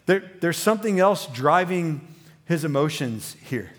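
A man preaching a sermon as pastor, talking conversationally with many fillers and restarts, growing animated as he goes. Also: on the high side, unhurried.

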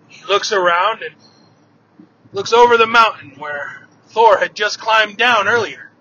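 A man tells an old myth aloud, slow and unhurried, with a high, bright voice. He paints each scene vividly. The recording is dull and lo-fi, with a faint hiss behind. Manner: relaxed, vivid retelling. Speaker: storyteller. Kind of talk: oral storytelling of myths.

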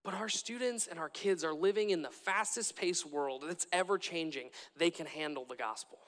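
A man's voice: a little high, normal speed, a bit bright, long reverb tail. A young man preaching a sermon in a church, earnest and repetitive, often restarting his phrases.

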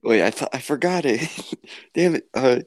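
A man's voice: mid-range voice, expressive, normal speed, no room sound. A young man co-hosting a casual podcast, teasing the others and rambling through stories with frequent laughs. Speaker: podcast co-host.

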